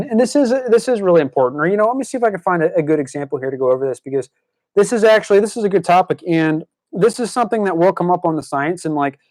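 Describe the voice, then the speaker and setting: A man's voice: high voice, darkish tone. A young man tutoring live on stream, talking casually with lots of fillers and restarts, and stopping to scold troublemakers in the chat. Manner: chatty, many fillers and restarts; scolding, exasperated at trolls in chat. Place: indoors at his desk by a screen.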